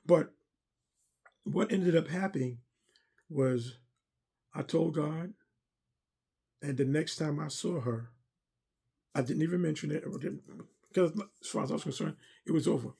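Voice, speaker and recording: Earnest middle-aged guy sharing a testimony, gravelly and kinda husky, warm low tone. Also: measured pace, long pauses. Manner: earnest, preacherly, repeats himself. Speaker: former armor bearer and driver to a pastor. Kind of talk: personal testimony talk.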